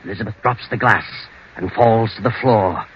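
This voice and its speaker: A man narrating an old radio drama in a measured, ominous manner. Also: fairly low pitch, slight background noise. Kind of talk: scripted narration. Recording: dull lo-fi old radio recording. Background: music.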